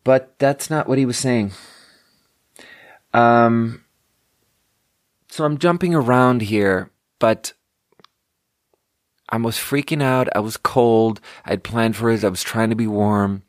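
A man's voice: mid-range voice, slow pace, long pauses, no echo, studio quality. A young man hosting a podcast, telling a story in a rambling, self-deprecating way full of fillers and restarts. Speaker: podcast host. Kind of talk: casual storytelling monologue.

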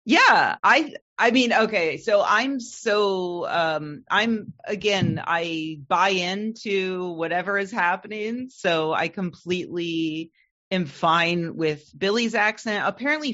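A woman co-hosting a podcast in relaxed casual chat, laughing easily. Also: medium pitch, slow, dull audio. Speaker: podcast co-host.

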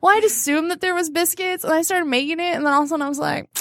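A woman with a high voice chats in a laid-back way on a casual podcast. She gets a little defensive when teased. The recording is dry and close. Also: fairly even intonation, racing, dry recording. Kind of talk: casual chat.

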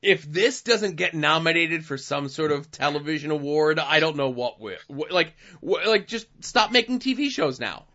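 A man's voice: fairly high pitch, animated, moderate pace, hardly any pauses, pushed and bright. A man hosting a podcast in casual chat, rambling with fillers. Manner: rambling, many fillers, wraps up the show. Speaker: podcast host. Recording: dull lo-fi sound.

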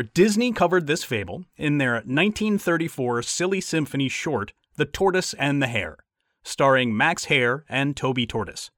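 A man introduces stories on a podcast in a conversational, lightly wry way. His pitch moves a lot as he talks. The recording is dry and close, with no room echo. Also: a bit bright. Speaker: podcast host.

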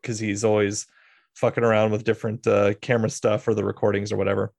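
A podcast host chats casually about films in a low, gravelly, darkish voice that barely shifts in pitch and moves fast. He's a rambling storyteller, full of fillers and restarts, and there's no room sound.

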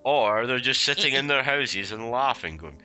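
Male co-host, jokey commentary chat, bright and animated, music faint underneath. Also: mid-range voice, moderate pace, clear, resonant tone. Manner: joking, laughs often. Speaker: podcast co-host. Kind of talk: casual film commentary chat.

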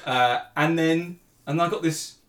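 A man's voice: a little high, measured pace, fairly bright tone, reverberant. A father telling a funny anecdote casually, with stammered repeats and frequent laughter. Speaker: father, podcast guest.

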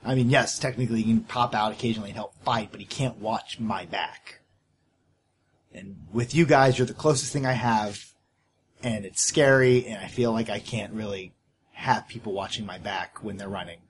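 A man voicing a loyal young fighter who speaks in halting, heartfelt bursts, confessing his fears to a companion. His voice sits at an ordinary middle pitch. A faint hiss of room noise sits behind him. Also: lively intonation, natural voice. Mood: earnest. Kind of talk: in-character tabletop role-play.

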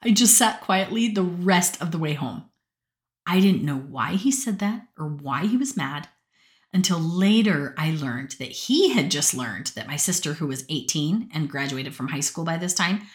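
A woman from Utah telling personal stories from her notes in a chatty, rambling way, often breaking into laughter and asides. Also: low-pitched. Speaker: podcast storyteller. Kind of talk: casual personal storytelling.

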